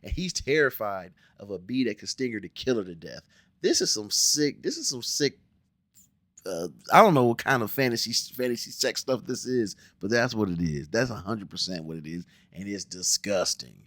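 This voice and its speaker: A man's voice: fairly low pitch, animated, moderate pace, a bit bright, no echo. Blunt, profane man ranting a show review. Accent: American, Cincinnati area. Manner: blunt, profane, exasperated ranting with mock voices. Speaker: TV review vlogger. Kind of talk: casual, animated show review.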